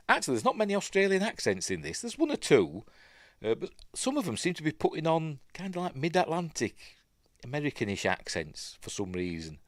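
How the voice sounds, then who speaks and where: A man's voice: medium pitch, a bit bright, dry recording, studio quality. A man with a Yorkshire accent talks through a film in a casual, rambling way, full of ums and asides. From Yorkshire, England. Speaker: film reviewer.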